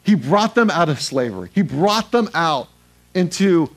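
An emphatic male pastor preaches a sermon, posing questions to the congregation and answering them himself while repeating phrases for stress. His voice is a little high and very animated, at a normal speed.

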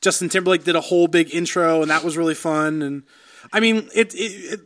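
A young man with a high, bright voice recounts a story over a casual podcast chat. He rambles, leans on fillers and slips into acted-out quotes as he goes. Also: fast. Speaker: podcast co-host.

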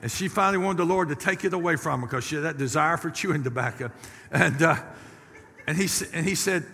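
A middle-aged pastor with a drawl preaches in a bright, forceful voice, swinging from easy folksy asides to sudden loud rises. His sermon rings out with a long reverb through a church hall. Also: fairly high pitch, fast talker.

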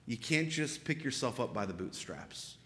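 A young man preaching a sermon as pastor, in a conversational style with animated storytelling and quick asides. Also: medium pitch, long reverb tail. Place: church sanctuary.

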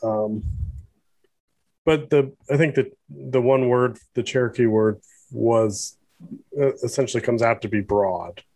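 A man co-hosting a casual podcast chat, thinking aloud as he talks, with many pauses and fillers. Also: mid-range voice, steady tone, vocal fry, warm tone, no room sound. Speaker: podcast co-host.

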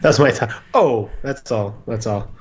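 A man's voice: mid-range voice, unhurried, highs cut off, a loud crowd. A man from the American North co-hosting a podcast, recapping an episode with dry, wry jokes and plenty of ums. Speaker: podcast co-host. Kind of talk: casual chat, recapping an episode.

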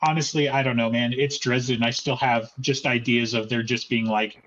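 A man's voice: medium pitch, fairly even intonation, moderate pace, a bit bright. A man chatting casually as a podcast co-host, rambling with a lot of "like" and laughter. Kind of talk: casual chat. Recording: dull lo-fi audio.

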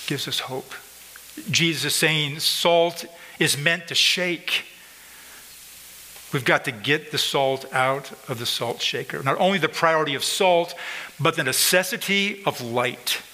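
With a fairly high, bright, forceful voice, a pastor preaches unhurriedly to his congregation in a church sanctuary, repeating phrases emphatically and pointing at people in the room. It's a low-quality recording with the sound of a large hall.

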